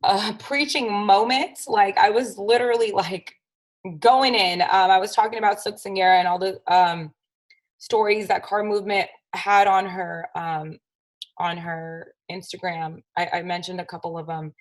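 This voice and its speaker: A woman's voice: mid-range voice, steady tone, normal speed, rough recording. A young woman hosting her own podcast, talking angrily and emphatically with a lot of swearing. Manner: angry, profane, emphatic. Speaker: podcast host. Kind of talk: solo podcast rant.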